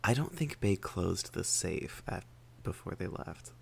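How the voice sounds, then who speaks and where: Male player, very deep gravelly voice, lively up-and-down delivery, loose and rambling. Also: a little hiss or hum. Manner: rambling, quick asides, swears. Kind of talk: casual tabletop play.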